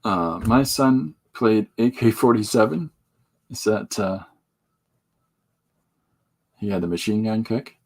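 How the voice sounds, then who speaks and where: A man's voice: fairly low pitch, expressive, takes it slowly, pauses often, darkish tone. A middle-aged man hosting a podcast in casual chat, rambling with many fillers and chuckling as he talks. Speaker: podcast host.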